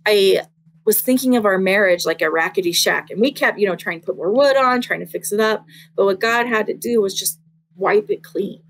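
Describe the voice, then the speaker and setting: A young woman sharing a personal faith testimony in casual conversation, earnest and halting, with many fillers. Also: medium pitch, fairly bright tone, rough recording.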